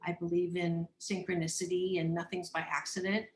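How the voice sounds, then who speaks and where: A woman who is a psychologist and coach, a guest on a podcast interview, telling personal stories in a candid, animated, expressive way. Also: fairly low pitch, a little fast, reverberant, a little hiss or hum. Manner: animated, expressive, acts out voices, laughs often.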